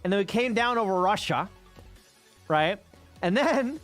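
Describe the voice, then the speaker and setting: A man chats casually on a livestream, telling loose, profane travel stories to his viewers. His voice sits slightly high and moves around a lot as he talks. Soft music plays quietly underneath. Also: lively intonation, measured pace. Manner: profane, rambling travel storytelling. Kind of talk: casual chat with stream viewers.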